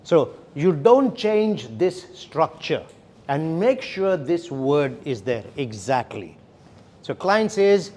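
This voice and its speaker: A man's voice: fairly high pitch, sing-song, takes it slowly, darkish tone. Man teaching a sales class. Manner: instructive, checks in with frequent "okay?" and "right?". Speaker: sales trainer. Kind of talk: classroom training lecture.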